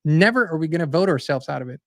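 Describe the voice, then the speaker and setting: A man hosting his own show, telling anecdotes with emphasis and acting out the other voices, then speaking bluntly and forcefully. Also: on the high side, expressive, fast, no echo, studio quality. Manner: forceful and blunt toward the end. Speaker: host and songwriter. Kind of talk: casual spiritual monologue.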